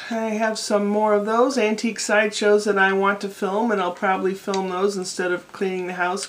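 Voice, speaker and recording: A woman's voice: medium pitch, fairly bright tone, slight background noise. A middle-aged American woman talking casually to her camera at home, rambling from one thought to the next with self-deprecating asides. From United States. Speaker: vlogger. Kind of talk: casual rambling vlog monologue. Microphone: camera microphone.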